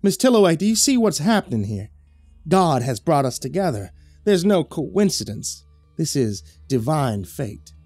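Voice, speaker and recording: A man playing a pious, flattering southern gentleman with a thick put-on drawl, sounding earnest. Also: medium pitch, moderate pace, no echo, soft background music. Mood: excited, fervent. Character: smooth-talking fake southern preacher-type gentleman.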